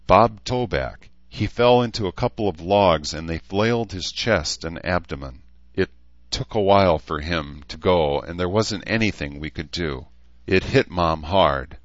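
A man's voice: low voice, lively intonation, unhurried, no room sound, dull audio. A man voicing a young woman healer who teases and scolds her patient bluntly. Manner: teasing, scolding.

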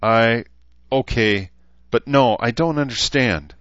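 A man's voice: mid-range voice, takes it slowly, a bit bright, dry recording, lo-fi sound, pitched above the performer's own voice. A man reading a guilt-ridden young man who speaks hesitantly and apologetically, in an audiobook. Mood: apologetic.

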